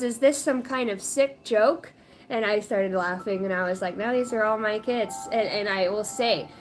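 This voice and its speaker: 30s woman rambling on a spiritual livestream, chatty and laughing a lot, faint music under her. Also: medium pitch. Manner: rambling, animated, often laughing. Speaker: spiritual reader. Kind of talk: casual livestream chat.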